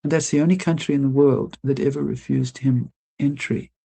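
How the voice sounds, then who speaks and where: An older woman, a guest telling lively stories in an interview, laughing often and acting out what people said. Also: very deep voice, brisk, vocal fry, breathy edge. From Australia. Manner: lively anecdotal storyteller, laughs often, acts out quotes. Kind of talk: storytelling interview.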